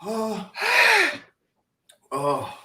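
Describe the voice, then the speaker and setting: Co-host, man, lively up-and-down delivery, dramatic moaner, noisy video call line. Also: fairly high pitch, very slow. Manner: moaning, laughing, dramatic complaints. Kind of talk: casual chat.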